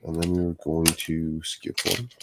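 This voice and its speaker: A man's voice: sits low, level tone, measured pace, very noisy. A man chatting casually on a livestream while building, laid-back and commenting on what he's doing as he works.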